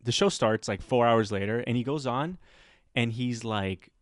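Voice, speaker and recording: A man's voice: mid-range voice, moderate pace, no room sound, clean studio sound. Man telling a story with voices. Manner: animated, acts out other people's voices. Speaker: podcast host. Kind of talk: casual storytelling chat.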